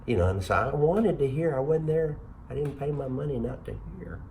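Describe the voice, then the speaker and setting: A man's voice: medium pitch, brisk, darkish tone, slight background noise. A man in his sixties hosting a casual chat, rambling and self-deprecating. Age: 60s. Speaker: host.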